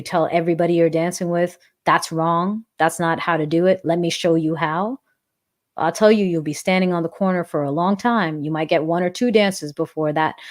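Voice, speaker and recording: A woman's voice: sits low, darkish tone. A woman in her forties, a dance instructor, hosting a live-stream Q&A and answering chat comments in an earnest, reflective way, often repeating phrases for emphasis.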